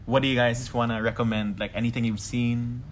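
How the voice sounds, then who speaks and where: A man's voice: mid-range voice, flat delivery, a little fast, slight background noise. A man from the Philippines hosting a podcast in casual chat, laughing often and slipping Tagalog words into loose, rambling talk. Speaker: podcast host.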